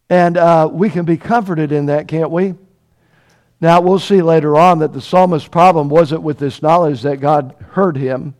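A man preaching a sermon, reading scripture slowly and swelling from quiet asides into passionate cries. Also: fairly high pitch, steady tone.

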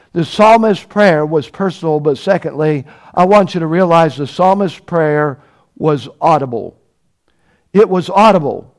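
High-pitched guy preaching, reads verses slow, gets loud and fired up then drops soft. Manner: swells from quiet asides to passionate near-shouting, drawn-out scripture reading. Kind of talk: sermon.

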